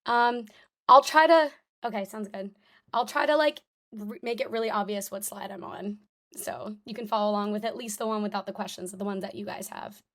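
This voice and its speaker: Chatty young woman tutoring live. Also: mid-range voice. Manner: casual, chatty, many fillers. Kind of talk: live online review lesson.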